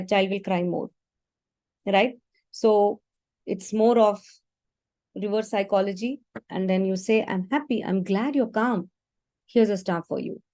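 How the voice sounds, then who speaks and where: A woman's voice: mid-range voice, a little mellow, no echo. A woman in an online meeting, giving parents earnest, practical advice on their children's tantrums, speaking to them directly. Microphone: video call.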